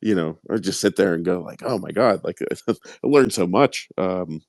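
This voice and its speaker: A man with a Pittsburgh accent hosting a podcast, talking in a rambling, halting way with many fillers. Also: deep voice, lively intonation, darkish tone, dry recording. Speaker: podcast host. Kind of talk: casual podcast chat.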